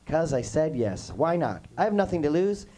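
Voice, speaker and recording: A man's voice: fairly high pitch, very animated, moderate pace, mellow, rough recording. A man in his forties with a voice under the weather, telling stories at a casual workshop Q&A and wandering off on tangents. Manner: rambling, goes off on tangents. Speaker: guest musician at a workshop Q&A. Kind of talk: casual storytelling Q&A. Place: music school room with kids.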